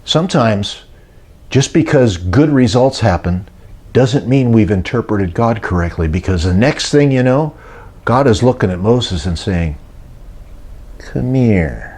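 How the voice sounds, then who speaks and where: A man's voice: lowish voice, lively intonation, unhurried, a little mellow, breathy edge. An older man preaching and retelling a story, acting out the voices of those he quotes. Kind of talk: sermon-style teaching talk.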